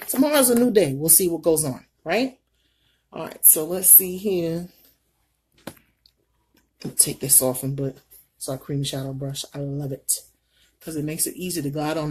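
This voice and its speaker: Low husky woman telling stories. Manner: animated, folksy storyteller. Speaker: beauty vlogger. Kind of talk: casual makeup vlog storytelling.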